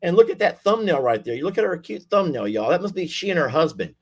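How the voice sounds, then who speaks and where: A man's voice: on the high side, sing-song, fast talker, husky. Guy hosting a live stream, folksy and gushing, voice bouncing all over. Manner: folksy, effusive, lots of y'all and sweetie. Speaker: livestream host. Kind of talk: casual chat with callers.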